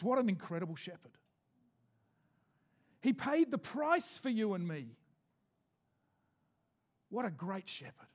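A man preaching a sermon as pastor, leading the congregation in responses and reading scripture slowly. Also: sits high, big pitch swings, darkish tone.

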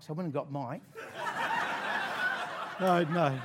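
An Australian man preaching a sermon, telling a personal story in an animated way and laughing through it. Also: fairly high pitch, a little slow, heavy background noise.

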